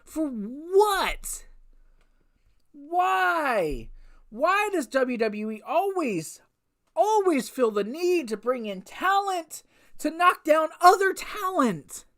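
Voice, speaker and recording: Woman host, casual review; exasperated rants and rhetorical questions at an unhurried pace. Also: high-pitched, big pitch swings, a bit bright. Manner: exasperated ranting with frequent swearing; repetitive restarts and rhetorical questions. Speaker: wrestling show reviewer.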